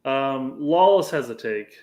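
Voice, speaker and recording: A man's voice: mid-range voice, expressive, a little slow, a little mellow, echoey room. A man co-hosting a casual sports podcast who swears freely and teases his partner. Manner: profane, teasing, laughs often. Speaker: podcast co-host. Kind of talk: casual banter.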